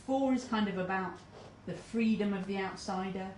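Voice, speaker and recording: A woman's voice: mid-range voice, normal speed, a little mellow, slight background noise. A woman giving a talk, hesitant and full of ums, reading out quotes as she goes. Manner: hesitant, many ums, reads quotes aloud. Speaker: conference speaker. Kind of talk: presentation talk. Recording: roomy hall recording from a distance.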